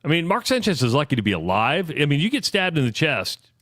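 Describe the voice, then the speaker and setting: A man's voice: on the high side, very animated, brisk, a bit bright, no echo, clean studio sound. Questioning male sports radio co-host. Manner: questioning, conversational, leading with prompts. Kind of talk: conversational sports radio banter.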